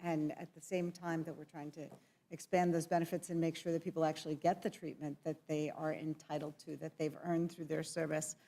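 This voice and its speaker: A woman's voice: low voice, little pitch movement, fairly quick, mellow. A woman on a congressional committee, speaking earnestly with fillers while losing her voice. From southeastern Pennsylvania. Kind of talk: committee hearing remarks. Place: hearing room.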